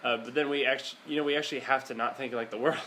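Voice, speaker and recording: A man's voice: medium pitch, steady tone, racing, sharp tone, slight background noise, poor audio. A young man co-hosting a podcast, chatting casually about faith and agreeing along. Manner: agreeable, chiming in with fillers. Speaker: podcast co-host.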